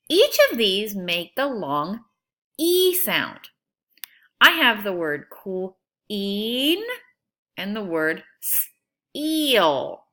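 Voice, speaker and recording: A woman teacher leading a phonics lesson for young children, sounding out words slowly in an encouraging, sing-song way. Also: medium pitch, fairly bright tone. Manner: slow, stretched-out sounding of words.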